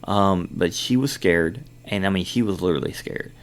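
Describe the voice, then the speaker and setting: Middle-aged male podcast host, low gravelly voice, rambling storyteller. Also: normal speed. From Kentucky. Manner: rambling, many fillers and retold dialogue. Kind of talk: casual storytelling.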